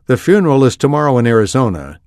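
Man voicing teen girl, tearful, proud, animated delivery, dry. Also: medium pitch, fast talker, no room sound. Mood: upset. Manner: strained, near tears.

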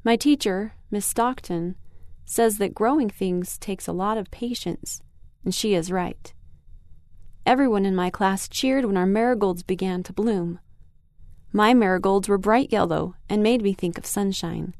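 A woman's voice: mid-range voice, unhurried, a little mellow, dry recording, clean studio sound. A woman reading a children's story aloud expressively in the first person, as a young girl. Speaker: narrator.

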